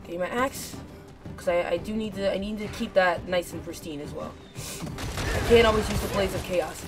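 A woman streaming a video game live, reacting excitedly and repeating phrases rapidly as she plays. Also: mid-range voice. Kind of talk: live gameplay commentary. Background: game music.

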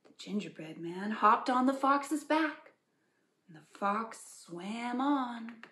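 A woman librarian reads to preschoolers in a bright, slightly high voice. She is animated, unhurried, and pauses to ask the children questions. Her voice echoes in the room. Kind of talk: preschool storytime reading.

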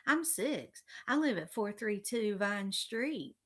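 A whiny little six-year-old boy from a storybook reading, as a woman puts him on. He pipes up high and insistent, with his pitch bouncing all over and a slow, careful delivery. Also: expressive, a bit bright. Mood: boastful.

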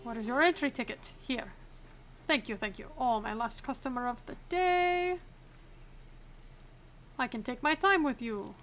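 In a fairly bright, high-leaning voice, a young woman hosting a game voices a stiff female border inspector with a fake accent from the game's made-up country. She speaks at a measured pace with long pauses and curt, officious wording, and there's a faint hiss or hum on the recording.

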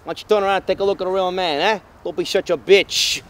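A man's voice: high voice, fairly even intonation, fast talker, faint music behind, lightly acted. An actor playing a brash, boastful wise guy, crude and constantly swearing, in a comedy sketch. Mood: storytelling. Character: brash boastful Italian-American wise guy obsessed with mortadella. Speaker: comic actor.

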